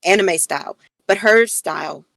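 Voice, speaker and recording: A woman's voice: medium pitch, normal speed, creaky, a bit bright, dry recording, poor audio. A woman co-hosting a podcast in casual chat, playful and teasing, laughing often. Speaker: podcast co-host.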